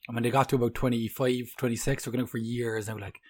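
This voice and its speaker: A man's voice: medium pitch, level tone, quick pace. A young man co-hosting a podcast, joking loosely, crudely and swearing freely. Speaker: podcast co-host. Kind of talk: casual banter.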